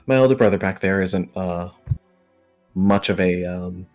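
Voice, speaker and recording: A man's voice: sits low, measured pace, a little mellow. A brash female merchant with a salesy, swearing patter, put on by a man in a raised voice. She talks up her wares like a seasoned hawker, though she is new to the business. Faint music runs behind the tabletop game. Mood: pushy, grateful.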